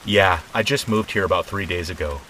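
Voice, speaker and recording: A polite young woman, uneasy and apologetic, read in a man's own deep voice. The voice stays low and plain, with gentle rain pattering in the background. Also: fairly quick, a little hiss or hum, low-quality recording. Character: polite young woman, nervous new tenant. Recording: soft rain behind.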